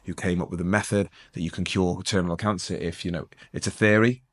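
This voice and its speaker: Fast-talking deep-voiced man telling his story. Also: steady tone. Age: middle-aged. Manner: rambling, self-interrupting, joking. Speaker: guest. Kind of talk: storytelling interview.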